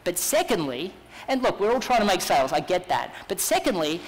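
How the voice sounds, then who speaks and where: A man with an Australian accent giving an energetic, persuasive keynote talk at a business conference. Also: sits high, brisk. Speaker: business speaker. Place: large conference hall. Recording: long hall reverb.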